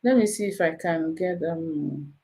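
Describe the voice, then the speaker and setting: A woman's voice: deep voice, unhurried, low-quality recording. A woman, giving rambling, exclamatory commentary in a casual vlog. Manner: animated, exclamatory, rambling with restarts. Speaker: vlogger.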